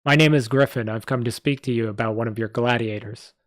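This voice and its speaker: A man voicing a calm male knight who leads the group and speaks firmly. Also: medium pitch, brisk, natural voice. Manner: firm and unmoved.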